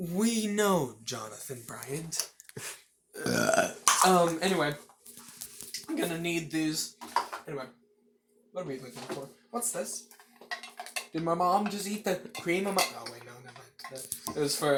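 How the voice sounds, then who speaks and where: Young woman host, lively pitch and unhurried pace, rambling, self-mocking and profane; clatter of dishes and cutlery behind her. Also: a little hiss or hum. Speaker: home cooking show host. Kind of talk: joking casual cooking vlog. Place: home kitchen.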